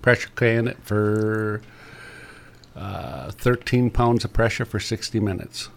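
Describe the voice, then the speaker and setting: A man's voice: lowish voice, slow pace, gravelly. A middle-aged man, a trapper chatting on the radio in a folksy, rambling way with many fillers. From Upper Peninsula of Michigan. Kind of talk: casual radio chat.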